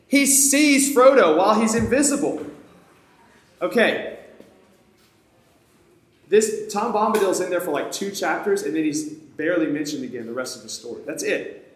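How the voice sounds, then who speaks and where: A man's voice: high-pitched, animated, normal speed, long pauses. A man preaching a sermon in a conversational storytelling manner, often speaking straight to his listeners. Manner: conversational, addresses the audience directly. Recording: echoey room.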